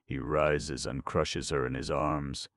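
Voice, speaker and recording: A man's voice: a bass voice, flat delivery, takes it slowly, a bit bright, no room sound. Male audiobook narrator, reading stage directions, matter-of-fact, dry close sound.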